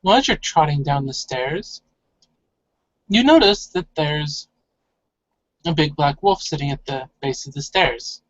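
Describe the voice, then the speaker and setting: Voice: medium pitch, expressive, unhurried, pauses often. A game master narrating scenes and calling for dice rolls in a tabletop role-play game. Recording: dry, dull lo-fi audio.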